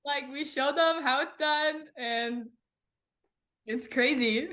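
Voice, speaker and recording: A young woman talks with bubbly, animated energy, peppering her sentences with "like." Her voice sits a bit high and sounds bright and forward. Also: slow pace. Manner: bubbly, animated, many "like" fillers. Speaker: guest racer. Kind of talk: casual podcast chat.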